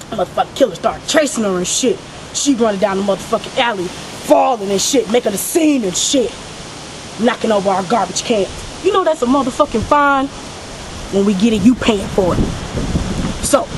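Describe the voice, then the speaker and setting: A woman's voice: mid-range voice, noisy background, lightly acted. A young woman playing a foul-mouthed, cold young killer who tells her story as a comic confession monologue. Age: young adult. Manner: profane, irritated storytelling. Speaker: student actor in a parody sketch.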